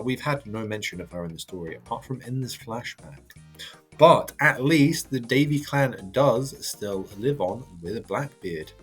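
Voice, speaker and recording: A man casually reading and reacting to a manga chapter, chatty and halting with lots of fillers. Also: on the low side. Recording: faint background music.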